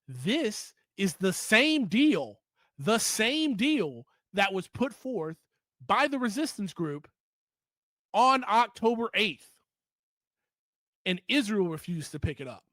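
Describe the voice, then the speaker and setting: A man's voice: high voice, big pitch swings, slow, pauses often, fairly bright tone, no echo. A man giving an opinionated political commentary monologue, heated and emphatic, repeating points for stress.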